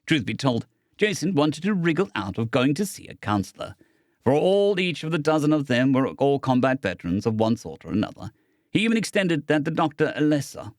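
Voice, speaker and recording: A man reading a science fiction audiobook as narrator, in a steady storytelling manner. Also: mid-range voice, no room sound, studio quality.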